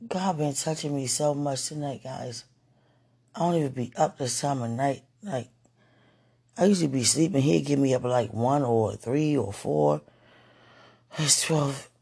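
Overwhelmed man pleading in breathy whispers. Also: medium pitch, measured pace, warm tone. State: emotional, near tears. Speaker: vlogger. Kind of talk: emotional late-night vlog.

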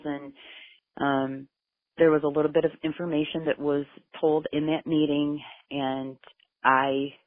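A woman's voice: low-pitched, dry recording. Woman telling her story over a thin line. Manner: emotional, intense retelling with quoted dialogue. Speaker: mother of a missing person. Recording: phone-like narrow sound.

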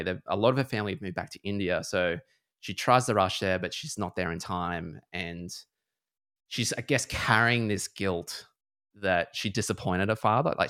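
A man's voice: fairly low pitch, a bit bright, no echo, studio quality. A man retelling a book in a casual podcast chat, rambling and full of fillers. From Australia. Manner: rambling, heavy on fillers like "like" and "you know".

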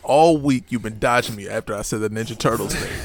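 A man's voice: fairly low pitch, fast, vocal fry, background noise. A man co-hosting a casual podcast chat, teasing his friend while telling stories. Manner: teasing storyteller. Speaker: podcast co-host.

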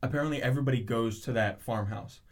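A man's quick, medium-pitched voice carries an animated, rambling retelling of a show's plot during a casual chat, with lots of restarts and side tangents.

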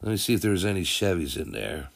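Guy with a lowish voice rambling thru sports news on his podcast, thinks out loud, fixes his own slips. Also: very animated, quick pace, creaky. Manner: rambling, thinks aloud and corrects himself. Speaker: podcast host. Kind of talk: casual sports podcast talk.

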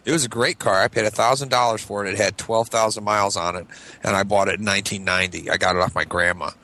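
A man's voice: lowish voice, steady tone, fast, pushed and bright. A man casually reminiscing to friends about an old car, rambling and swearing. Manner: nostalgic, rambling, profane. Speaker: podcast co-host. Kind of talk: casual storytelling among friends.

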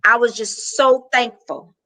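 A woman's voice: on the high side, steady tone, unhurried, pushed and bright, no echo, low-quality recording. A middle-aged woman, a business coach, talking animatedly in a casual interview, laughing often and repeating words.

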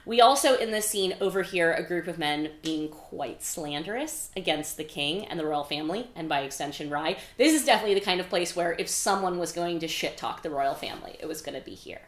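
A woman's voice: on the low side, animated, a little fast, few pauses. A woman hosting a podcast, recapping a book in a chatty, casual way with frequent "like" and some swearing. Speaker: podcast host. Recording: echoey room.

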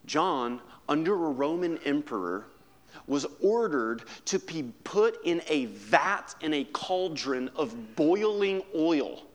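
A man preaching a sermon as pastor, moving between soft, hushed quotes and emphatic, rising passages. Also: mid-range voice.

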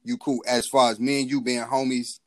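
A man in his thirties, a podcast co-host telling stories in casual chat, talking in an animated, profane way. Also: medium pitch, a little fast, no room sound. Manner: profane, animated, acts out quotes in the story.

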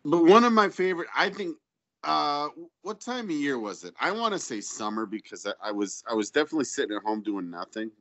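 A man's voice: a little high, sing-song, fairly quick, a bit bright. A man co-hosting a casual podcast, telling a crude story in a rambling, profane way. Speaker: podcast co-host. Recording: dull lo-fi audio.

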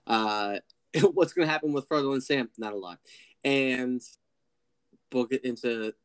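A man co-hosting a casual film discussion podcast, joking and swearing as he wraps up the episode. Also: medium pitch. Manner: joking, profane, wraps up the show. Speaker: podcast co-host.

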